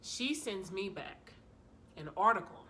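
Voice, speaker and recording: A woman vlogger telling a story in a casual, animated way, full of slang and sass. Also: mid-range voice, unhurried, a little hiss or hum.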